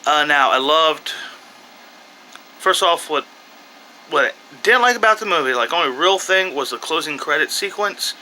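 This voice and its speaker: Bright rambling man reviewing a movie. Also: a little high, animated, normal speed, pauses often, a little hiss or hum, rough recording. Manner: rambling, with frequent restarts and asides. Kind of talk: casual off-the-cuff review.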